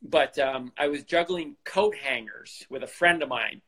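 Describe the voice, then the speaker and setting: A man's voice: medium pitch, a little slow, fairly bright tone, breathy edge, low-quality recording. A man chatting casually in an amused, rambling way. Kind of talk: casual chat.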